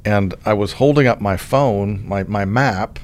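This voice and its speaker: A middle-aged man from Oklahoma hosts a conversation as the state insurance commissioner and tells a story in a relaxed way, often restarting his sentences. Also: fairly low pitch, measured pace. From Oklahoma, USA. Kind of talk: casual conversational interview.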